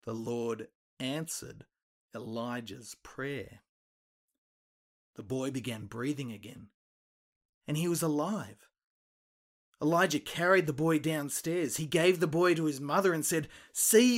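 A man retelling a Bible story for children, lively and expressive, acting out the quoted lines. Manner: animated, acts out quoted voices with big pitch jumps.

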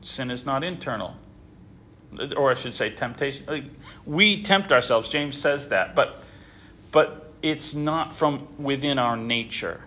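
A man in his thirties leading a casual group Bible discussion, rambling and animated, with frequent restarts. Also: mid-range voice, a little slow. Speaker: Bible study leader.

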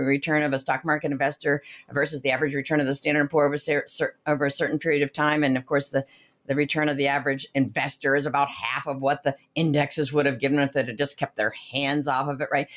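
Interview guest: woman advisor, lower voice, animated, folksy analogies. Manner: energetic, uses everyday analogies.

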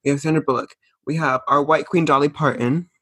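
Man, sassy pop-culture chat, husky, dry close sound. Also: on the high side, fairly even intonation, brisk, sharp tone, no echo. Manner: sassy, emphatic, campy asides. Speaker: podcast co-host.

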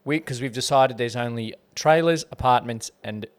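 A man co-hosting a podcast, chatting casually and joking as he rates a film. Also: medium pitch. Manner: joking, rambling, quick to laugh. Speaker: podcast co-host. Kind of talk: casual chat.

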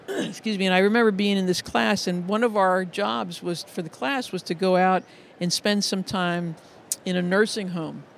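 A middle-aged man with a notably high-pitched speaking voice, talking as a music educator in an interview. He tells stories earnestly, often restarting and repeating words. Faint noise hums behind him. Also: fairly even intonation, moderate pace, creaky, hardly any pauses. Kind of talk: conversational interview storytelling.

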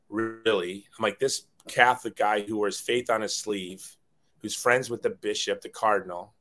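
A man's voice: fairly low pitch, moderate pace, a bit bright. A middle-aged man, a guest on an interview show, telling a personal story in an earnest, rambling way, often repeating words when moved.

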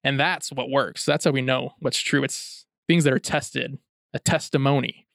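A man's voice: mid-range voice, steady tone, moderate pace, gravelly, fairly bright tone, no echo, clean studio sound. A young man talking in an earnest, reflective way in a casual chat, often restarting his sentences.

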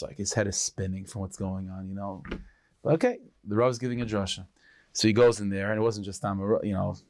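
Animated storytelling man. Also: fairly low pitch, dry recording. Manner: animated, sprinkled with Yiddish and Hebrew terms. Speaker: rabbi storyteller.

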